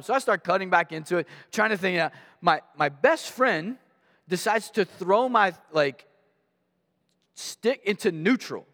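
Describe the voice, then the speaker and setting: A man preaching a sermon, telling personal stories in an animated way and acting out the voices in them. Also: high voice, moderate pace. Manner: animated storyteller, acts out voices in anecdotes. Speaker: guest pastor. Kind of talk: storytelling sermon. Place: church sanctuary. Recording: long reverb of a large hall.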